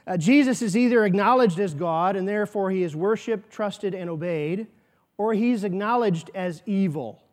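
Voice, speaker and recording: High-pitched guy preaching, earnest, lots of rhetorical questions. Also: a little mellow. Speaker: pastor. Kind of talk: sermon.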